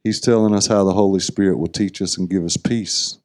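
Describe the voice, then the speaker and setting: Low-voiced, measured male guest preacher. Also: fairly even intonation, a little mellow. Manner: measured and earnest, slow deliberate phrasing. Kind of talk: sermon teaching.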